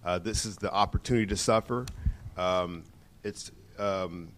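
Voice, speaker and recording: Low-voiced halting man. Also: fairly bright tone. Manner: halting, many pauses and "uh"s. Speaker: group participant. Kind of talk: casual discussion.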